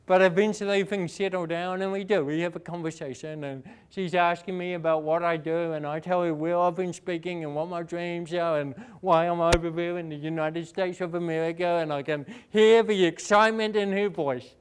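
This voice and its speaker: A young man from New Zealand with a New Zealand accent, giving a fast, emphatic motivational talk and asking the audience questions. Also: on the high side, steady tone, smooth. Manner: fast-talking, rising and falling for emphasis, asks the audience questions. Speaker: inspirational speaker. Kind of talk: motivational speech.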